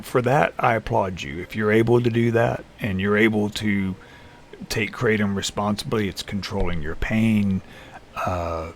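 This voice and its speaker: A man talking unscripted to camera alone in a small room, tired and halting, with many restarts and fillers. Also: on the low side, vocal fry, slight background noise. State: lethargic, tired. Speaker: vlogger in recovery. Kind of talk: unscripted personal vlog. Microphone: camera facing speaker.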